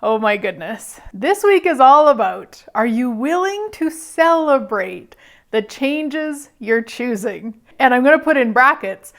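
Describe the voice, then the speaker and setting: A woman host talks through a personal story in a candid, chatty monologue. Her voice sits fairly high, and she laughs easily as she goes. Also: sing-song, measured pace, fairly bright tone. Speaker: radio show host.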